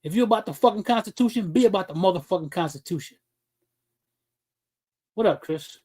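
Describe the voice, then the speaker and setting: A man's voice: sits high, animated, brisk, a little mellow. A man hosting a livestream talk show, delivering blunt, profane, confrontational commentary with frequent restarts and repeated words. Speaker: streaming talk show host.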